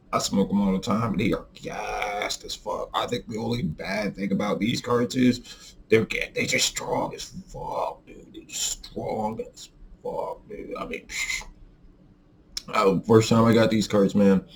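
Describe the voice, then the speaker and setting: A man's voice: on the low side, takes it slowly, gravelly, pauses often. A young man talking casually to his viewers in a rambling, profane, heated rant. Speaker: vlogger reviewing vape carts.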